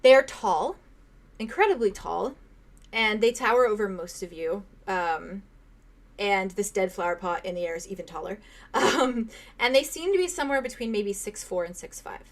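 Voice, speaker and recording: A woman's voice: mid-range voice, lively intonation, normal speed. A young woman running a tabletop game as game master, describing a scene in detail with fillers and small laughs.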